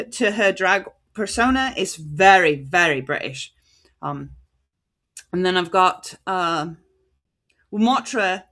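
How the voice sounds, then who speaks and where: An American woman preaching a livestreamed sermon in a conversational, halting way, stopping to sort out names and titles as she reads them out. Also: on the low side, a bit bright. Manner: conversational, halting, stops to reread cited titles.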